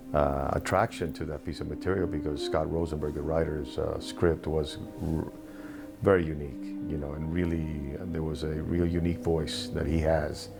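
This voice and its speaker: A man, an actor being interviewed, recalling anecdotes in a reflective, halting way with frequent restarts. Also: a bass voice, little pitch movement, creaky, over music.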